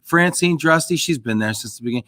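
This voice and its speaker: A man's voice: a little high, animated, fast, fairly bright tone, no room sound. Upbeat man hosting, dry close sound. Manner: upbeat and jokey, reads out viewer comments. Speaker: host. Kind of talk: live-stream hosting.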